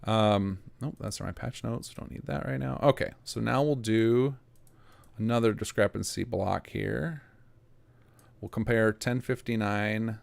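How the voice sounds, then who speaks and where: Muttering and thinking aloud over numbers, a game mod developer offers live-streamed commentary on his work. He speaks unhurriedly in a lowish voice with vocal fry, and there's no room sound.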